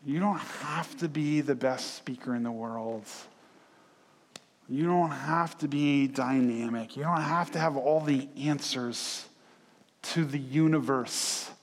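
Pastor, male, casual storytelling sermon, mid-pitched, church hall reverb. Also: takes it slowly, slight background noise. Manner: conversational, storytelling, animated acted quotes.

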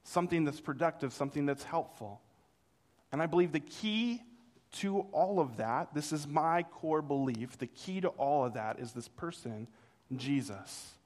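A middle-aged man preaching a sermon, telling a childhood story with animated delivery and acting out the voices in it. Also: a little high, moderate pace. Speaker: pastor.

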